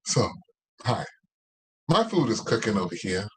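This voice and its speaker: A man's voice: fairly low pitch, very animated, unhurried, breathy edge, low-quality recording. Male guest cook, laid-back and rambling, on a laptop video call from his home kitchen. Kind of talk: casual chat over video call. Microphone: laptop mic on video call.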